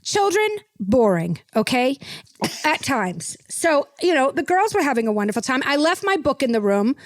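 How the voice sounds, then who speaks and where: A woman's voice: high-pitched, very animated, normal speed, no echo. Older woman, comedic host, brash and self-satisfied, rambles, dry close sound. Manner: brash, rambling, self-assured, peppered with "okay". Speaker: podcast host. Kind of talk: comedic character storytelling.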